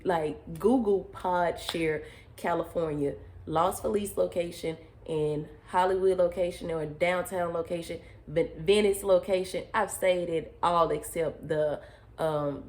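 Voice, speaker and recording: A young woman vlogger with a lowish voice tells a personal story in a casual, animated way, frequently calling her viewers "y'all."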